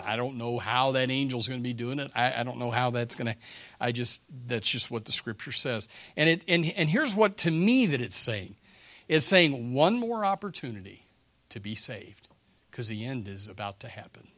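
A man delivers a church sermon in a folksy, storytelling way, stumbling and restarting as he goes. His voice is bright and forceful and sounds close and dry, and he drops to a hush before bursting out loud. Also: medium pitch, no echo. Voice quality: restarts and repeats words often. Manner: folksy storytelling, swings from hushed to shouting. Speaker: preacher.

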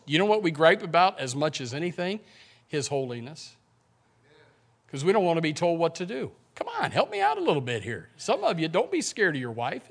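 A middle-aged pastor preaches with a high, bright-pitched voice that leaps up and down. He is animated, acts out everyday complaining, and calls out to his congregation in church. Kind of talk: sermon. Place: church sanctuary.

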